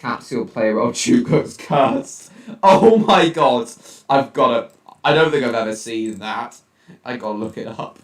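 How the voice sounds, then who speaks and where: A teenage boy live streaming from home, chatting casually and reacting out loud to his viewers' chat messages. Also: medium pitch, animated, a little slow. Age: teens. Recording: roomy, distant mic.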